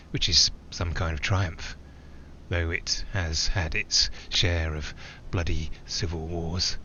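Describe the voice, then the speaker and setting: A man's voice: sits low, a bit bright, highs cut off, slight background noise. An actor playing a man flying alone, who talks in a reflective, digressive way with small hesitations. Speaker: narrator-pilot. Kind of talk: theatrical monologue.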